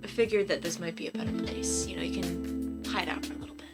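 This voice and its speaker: Cast: a woman as a smirking, charming young man, soft-spoken, music behind. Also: fairly low pitch, steady tone, quick pace, lightly acted. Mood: smooth.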